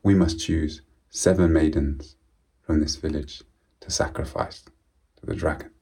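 A man voicing a grief-stricken king in a told folk tale, speaking quietly with sorrow. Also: a bass voice, level tone, moderate pace, slightly rough. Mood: sorrowful. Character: heartbroken king bound by duty.

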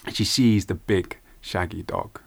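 A man telling a folk tale aloud in an unhurried, hushed way, with repeated phrases. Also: low voice, vocal fry, slightly rough. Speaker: storyteller. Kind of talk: oral folk-tale storytelling.

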